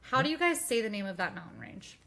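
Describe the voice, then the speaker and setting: A chatty young woman, a podcast guest, talks casually and laughs easily at a mid pitch. A crowd murmurs clearly behind her. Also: very animated, fast talker.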